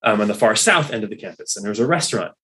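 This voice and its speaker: A man working as a hospital rabbi, guest on an interview, telling stories in an animated way, acting out the people in them and often saying "like" and "you know". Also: lowish voice, racing, low-quality recording. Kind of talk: storytelling in a conversational interview.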